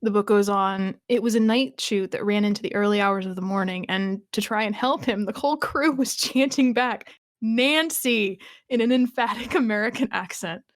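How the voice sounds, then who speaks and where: A woman chats on a rewatch podcast in a mid-range voice, recapping scenes and musing aloud with quick restarts and laughs. Her voice sits close and dry on the mic, with no room sound around it. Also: medium pitch, no echo. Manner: chatty, thinking aloud with frequent restarts and laughs. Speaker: podcast co-host. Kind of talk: casual rewatch podcast chat.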